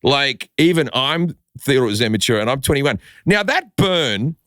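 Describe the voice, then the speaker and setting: Heard in studio-quality sound without echo, a man speaks at normal speed in a medium pitch. He's guesting on a podcast as a comedian, animatedly telling a casual story, acting out quotes and swearing freely.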